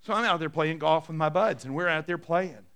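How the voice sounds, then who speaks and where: A middle-aged male pastor preaches a sermon a little fast, telling stories and dropping his voice soft and low whenever he quotes someone.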